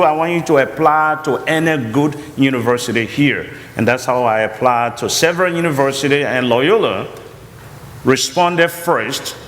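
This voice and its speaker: A man with a Liberian accent telling his life story as a chapel guest, in an earnest voice that climbs high when he quotes others. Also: normal speed, a bit bright, long reverb tail, a little hiss or hum. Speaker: college founder and chapel guest. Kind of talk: storytelling testimony on stage.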